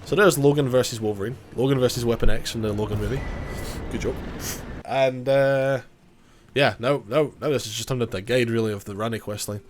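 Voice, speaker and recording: A man's voice: mid-range voice, brisk, a little hiss or hum. Casual joking man with a cold. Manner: casual, joking, self-mocking, swears. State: has a cold. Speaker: gaming YouTuber. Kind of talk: gameplay commentary.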